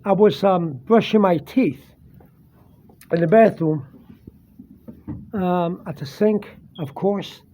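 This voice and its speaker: A man sitting at his dining table, earnestly recounting a personal ghost encounter with halting fillers and restarts. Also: sits high, warm tone. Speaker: vlogger. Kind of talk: casual first-person storytelling. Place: home dining room, seated at a table. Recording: dull lo-fi home recording.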